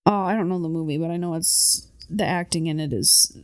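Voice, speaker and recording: A woman's voice: deep voice, a little fast, dry recording, clean studio sound. A young woman co-hosting a podcast, blunt and sarcastic, swearing freely in casual chat. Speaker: podcast co-host.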